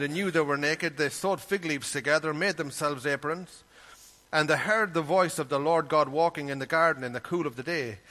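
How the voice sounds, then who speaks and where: Here a man with a somewhat high, sharp-toned voice is giving a sermon. His delivery is sincere and conversational, and the scripture he reads aloud comes in King James phrasing.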